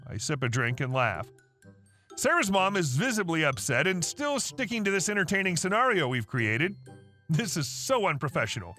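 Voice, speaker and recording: A man's voice: on the high side, very animated, normal speed, sharp tone, faint music behind. A man reading online stories aloud in a wry, sarcastic storytelling manner. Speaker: story narrator.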